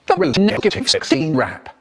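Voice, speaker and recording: An older man recites comic verse with great theatre, his voice pitched slightly high and roaming wildly from low mutters to sudden high cries. He drops into whispers and bursts into shouts to act out each line. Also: wildly swooping pitch, normal speed, gravelly, noisy background. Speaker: storyteller. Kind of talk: chopped-up comic poem recital.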